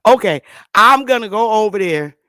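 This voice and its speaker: A woman hosting her own channel, chatting to viewers in a loose, profane way, laughing often and stammering when she gets excited. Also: medium pitch, moderate pace, no room sound, studio quality. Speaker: channel host. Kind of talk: casual commentary to viewers.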